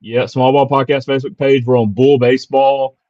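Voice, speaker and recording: A man's voice: medium pitch, flat delivery, fairly quick, dark tone, dry recording. An easygoing man hosting a podcast who chats casually with his guest and keeps the conversation moving. His voice sounds a little dull and lo-fi, with a dry, close sound. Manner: easygoing, laughs along, steers the conversation. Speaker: podcast host. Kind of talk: casual interview chat.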